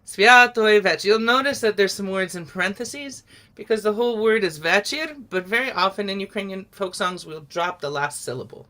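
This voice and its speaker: Middle-aged woman, song leader, bright and clear, patient and encouraging, on a video call. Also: medium pitch, lively intonation, brisk. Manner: patient, encouraging, explains step by step. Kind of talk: online singing lesson.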